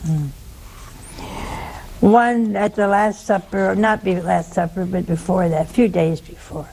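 A woman's voice: mid-range voice, fairly even intonation, a little slow, creaky, a little mellow. A woman preaching a sermon, telling a story in a conversational way and asking the audience rhetorical questions.

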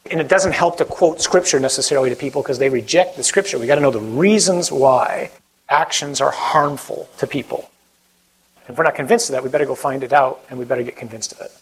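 A man speaking as a priest, giving an animated talk and then leading a prayer, acting out quoted voices as he goes. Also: medium pitch, a little fast, slightly rough, poor audio.

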